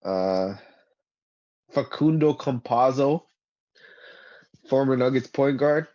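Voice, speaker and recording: A man's voice: mid-range voice, animated, slow pace, warm tone. Dry, stat-reciting male podcast co-host. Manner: rattles off stats, dry sarcasm. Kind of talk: casual sports chat. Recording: dull lo-fi podcast audio.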